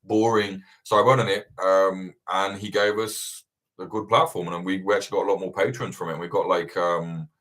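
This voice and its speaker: Young male host, low register, loose and profane, heated conversational rant. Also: normal speed. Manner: swears constantly, animated and ranting. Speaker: livestream host answering viewer questions. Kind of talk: casual chat.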